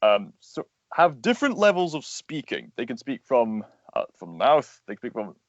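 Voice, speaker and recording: An earnest man, a voice actor and animator, explains his craft at length in a casual interview, his thoughts full of fillers. His voice sits at a middle pitch. The sound is dull and lo-fi, close and dry with no room around it. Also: sing-song, moderate pace, no echo.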